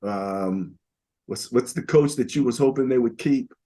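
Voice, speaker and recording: This casual sports talk features an older co-host of a football podcast rambling over stats, heavy on fillers. His medium-pitched voice is mellow and a little slow.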